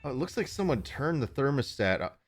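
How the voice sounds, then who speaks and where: A man's voice: medium pitch, big pitch swings, brisk, soft background music. A young man hosting a casual livestream from home, rambling along, chuckling and cutting himself off mid-thought. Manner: rambling, chuckling, self-interrupting. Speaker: livestream host.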